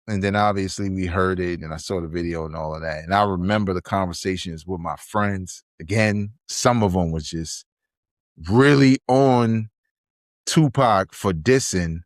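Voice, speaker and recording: A man in his 40s hosts a podcast, casually chatting in review style, telling stories animatedly and acting out quotes. His voice is on the low side, captured in a dry, clean studio recording.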